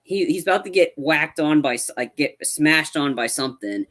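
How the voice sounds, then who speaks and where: A man co-hosting a podcast, excitedly recapping film scenes with lots of fillers and acted-out quotes. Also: on the high side, normal speed. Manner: animated retelling, acts out quotes, lots of fillers. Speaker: podcast co-host. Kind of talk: casual movie review chat.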